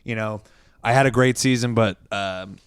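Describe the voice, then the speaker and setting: A man's voice: fairly low pitch, normal speed, smooth, no room sound, clean studio sound. A young man, a comedian and podcast guest, chatting casually and rambling with lots of "like" and "um". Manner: rambling, heavy use of "like" and "um". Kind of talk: casual interview chat.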